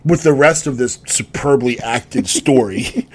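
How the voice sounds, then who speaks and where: A man's voice: medium pitch, a little slow. A man co-hosting a podcast in casual chat, telling loose, rambling stories. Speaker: podcast co-host.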